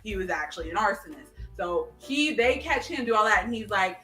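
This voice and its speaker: Bright-voiced woman, echoey distant mic. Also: medium pitch, fairly quick, few pauses. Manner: animated storytelling with many fillers and restarts. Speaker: podcast host. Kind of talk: casual chat, recapping a TV episode. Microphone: video call stream. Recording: echoey room, distant mic, faint music.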